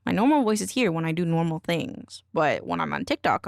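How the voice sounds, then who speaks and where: A woman's voice: fairly low pitch, big pitch swings, fairly quick, no room sound, clean studio sound. A woman streamer in casual live-stream chat, goofy and teasing as she talks at her desk microphone.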